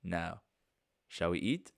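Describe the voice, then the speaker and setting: Man putting on polite foreign manor host, deep, hesitant, gracious. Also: animated, gravelly, no room sound, clean studio sound, exaggerated voice. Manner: courteous, halting, searching for words.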